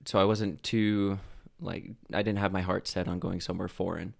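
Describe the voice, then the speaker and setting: A young man from Idaho, a podcast guest telling stories in a relaxed way, with lots of fillers. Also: deep voice, normal speed, gravelly. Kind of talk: casual storytelling.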